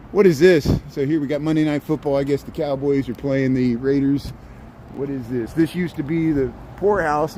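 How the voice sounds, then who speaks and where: A man's voice: mid-range voice, a little mellow. A man hosting a rambling livestream walking tour outdoors on city streets, chatting sarcastically in a stream-of-consciousness way. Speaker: livestream host. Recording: faint street noise.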